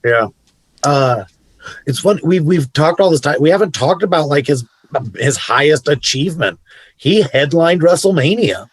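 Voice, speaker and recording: A man's voice: a little high, lively intonation, moderate pace, slightly rough, no room sound. A man co-hosting a podcast in casual chat, giving laid-back, opinionated takes with loose asides. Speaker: podcast co-host.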